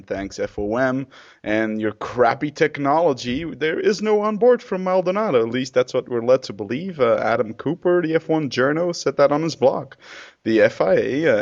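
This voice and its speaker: A man co-hosting a casual motorsport podcast, talking in a jokey way that is lively and full of fillers. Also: mid-range voice. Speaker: podcast co-host. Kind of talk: casual chat. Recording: muffled lo-fi.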